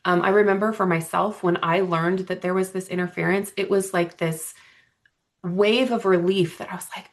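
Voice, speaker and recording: Earnest woman, slightly low voice. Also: fairly even intonation, normal speed. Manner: earnest, reflective, frequent "right?" and "um". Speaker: podcast guest, energy healer. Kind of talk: casual conversational interview.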